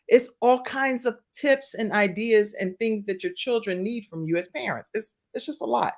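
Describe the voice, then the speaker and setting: A woman's voice: medium pitch, moderate pace, hardly any pauses, darkish tone. A woman in her forties hosting a live talk show, chatting and laughing as she reads out viewer comments.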